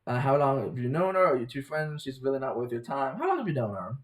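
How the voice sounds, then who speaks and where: A man's voice: very animated, fast, natural voice. A man voicing an elderly female dog with a put-on Southern accent, grand and theatrical in her speech. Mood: suspicious. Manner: grand, theatrical, low and hushed.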